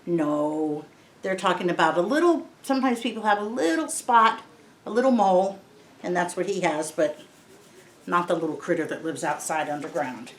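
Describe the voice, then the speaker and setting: A woman's voice: on the low side, animated, moderate pace, slight background noise. A woman reading a picture book aloud to children, patiently explaining each word in simple terms. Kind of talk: read-aloud lesson for kids. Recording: roomy echo.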